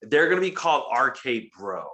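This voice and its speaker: A man's voice: mid-range voice, big pitch swings, normal speed, sharp tone. A man co-hosting a casual show, recapping wrestling in a profane, rambling way. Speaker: podcast co-host.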